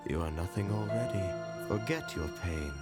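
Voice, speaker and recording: An actor playing a cold, joyless ghostly stepfather in a video game, speaking in slow, flat, somber commands. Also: low voice. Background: music.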